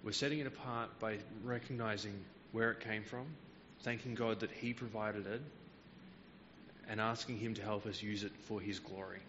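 A man delivers a Bible teaching sermon in a fairly low voice, explaining each verse carefully and pausing on the odd filler. The sound is slightly muffled and lo-fi. A long reverb trails behind him, with faint noise underneath. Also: steady tone. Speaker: preacher.

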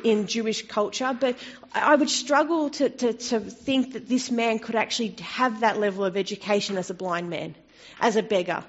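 A woman preaching a sermon in a conversational way, turning expressive when she quotes scripture. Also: mid-range voice, breathy edge. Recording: dull lo-fi recording.

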